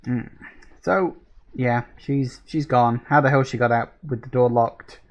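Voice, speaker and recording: A man's voice: mid-range voice, a little slow, a little mellow, highs cut off. Wry joking man playing a game. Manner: wry, joking, reads on-screen text aloud. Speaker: let's-play gamer. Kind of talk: casual gameplay commentary.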